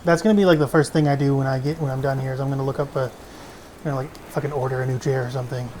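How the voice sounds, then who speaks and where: Casual swear-happy gamer rambling over gameplay, mid pitch, bit of faint noise. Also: steady tone, racing, a little mellow. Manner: rambling, profane and self-mocking. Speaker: let's play streamer.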